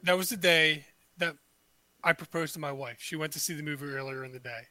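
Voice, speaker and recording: A man's voice: on the high side, fairly quick, pushed and bright, dry recording. A man hosting a casual podcast chat, rambling through a movie list and swearing freely. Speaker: podcast host.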